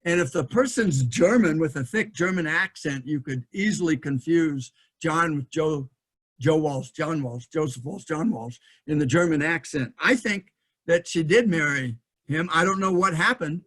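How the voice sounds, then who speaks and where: Slightly high-voiced man lecturing. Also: normal speed, a bit bright. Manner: thinking aloud, frequent fillers and restarts. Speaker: historian giving a lecture. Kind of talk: lecture presentation with slides.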